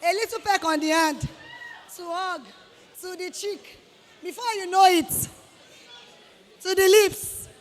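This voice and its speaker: A Nigerian-accented woman with a high, bright voice lectures students with lively scolding energy, acting out the people she quotes. Her talk rings through a large hall with a long reverb tail. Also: slow pace, pauses often, some chatter behind. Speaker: guest speaker to students. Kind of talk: motivational talk.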